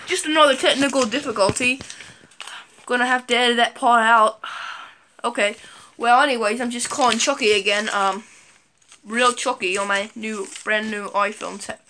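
A woman vlogger talks straight to her viewers in a staged prank video, exclaiming melodramatically and stumbling over fillers. Her voice sits a bit high and very bright, with a faint hiss in the recording. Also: fairly even intonation, normal speed. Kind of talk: scripted prank vlog.

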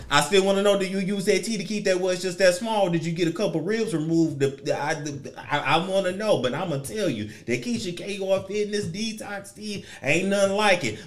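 A man giving a sassy, profane, theatrical commentary rant, swinging his pitch and volume around. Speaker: commentary vlogger.

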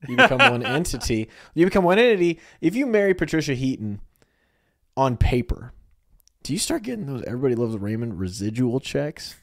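A man's voice: mid-range voice, a little fast, gravelly, no echo. Dry-sounding joking male podcast co-host. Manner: joking, animated storytelling. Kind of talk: casual chat.

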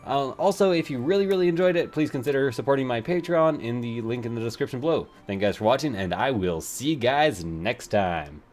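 A man's voice: medium pitch, animated, brisk, hardly any pauses, a little mellow. A man hosting a let's play, chatting casually in a rambling, self-deprecating way. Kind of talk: casual gameplay commentary.

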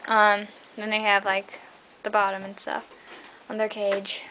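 In a monotone, unhurried voice, a tired young woman chats her way through a casual tour of her pets' cages in a room at home, full of filler words, going high and coaxing whenever she calls her pets. The pet vlog was filmed on a handheld camera mic against a noisy background.

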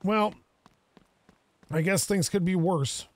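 A young man giving casual let's-play commentary, excitable and self-mocking, talking to himself as he plays. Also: high-pitched, slow pace, no echo. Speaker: gaming video creator.

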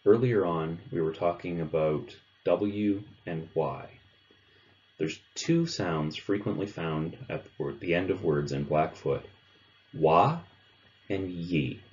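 A man with a very low, deep voice explains pronunciation step by step in a clear, measured way. The recording sounds a little dull and lo-fi. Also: darkish tone. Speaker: language teacher. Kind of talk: instructional narration.

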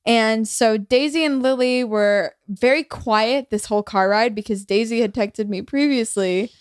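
A woman's voice: a little high, measured pace, clear, resonant tone, dry recording, studio quality. A young woman telling a funny story as a podcast guest, laughing a lot and acting out the people in it. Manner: storytelling with laughing fits and quoted voices. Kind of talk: casual chat.

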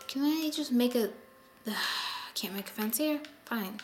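Slow-talking woman narrating her game. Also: fairly high pitch, expressive, soft background music. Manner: chatty, sighs often, talks to her game animals. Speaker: gameplay video host. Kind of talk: casual gameplay commentary.

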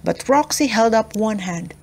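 Slow, expressive woman reading a storybook. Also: a little high, vocal fry, breathy edge. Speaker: storybook reader. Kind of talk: children's book read-aloud.

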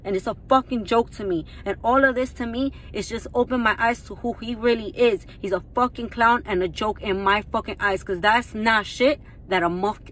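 Young woman, higher voice, mad as hell, cussing nonstop in a rant. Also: moderate pace, few pauses. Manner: furious and profane, swearing constantly. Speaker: reality TV personality. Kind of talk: angry rant to followers.

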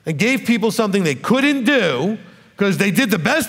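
A man who is a rabbi, teaching a sermon in a conversational way that builds to forceful, emphatic points. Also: high voice, sing-song, a little fast, slightly rough. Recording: long hall reverb.

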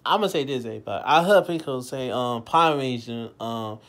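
A man in his late twenties rambling in a casual monologue, repeating himself, his voice swinging between loud bursts and low mumbles. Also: lively intonation, fairly quick. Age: late 20s. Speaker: vlogger.

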